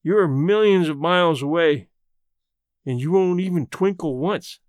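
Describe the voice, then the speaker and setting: A man voicing a frail young woman who speaks softly and faintly. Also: fairly high pitch, unhurried, dry recording, studio quality, close to an everyday voice. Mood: wistful. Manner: soft and faint.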